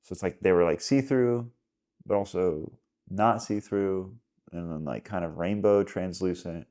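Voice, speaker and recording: A fairly low-pitched man speaks as a podcast guest in a relaxed, rambling way. He fills his story with "like" and acts out little quotes. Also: measured pace. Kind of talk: casual conversation.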